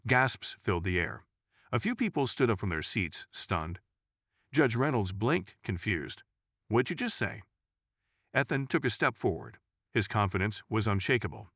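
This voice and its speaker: A man narrating a dramatic courtroom story in a suspenseful, measured reading. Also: lowish voice, lively intonation, a bit bright, no echo, clean studio sound.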